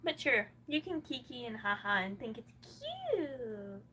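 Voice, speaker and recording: Woman, livestream rant, distressed, profane, agitated, high lively voice, distant mic, faint hiss. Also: unhurried.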